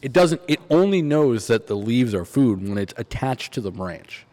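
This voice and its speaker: A man's voice: medium pitch, sing-song, moderate pace, dark tone. A man co-hosting a casual podcast, blunt and profane, joking rants. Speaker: podcast co-host. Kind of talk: casual chat.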